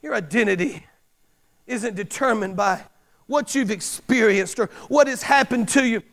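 A middle-aged man preaching a sermon, repeating key lines and driving points home with loud bursts. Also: high-pitched, normal speed. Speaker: pastor.

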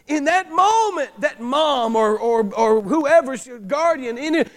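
A middle-aged man preaching a sermon, repeating key lines and driving points home with loud bursts. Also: very high-pitched, animated, takes it slowly. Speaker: pastor.

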